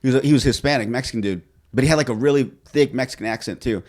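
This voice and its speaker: A man's voice: mid-range voice, very fast, a little mellow. A man in a casual podcast chat, joking about himself and laughing a lot. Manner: self-mocking, laughing, lots of fillers. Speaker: podcast co-host.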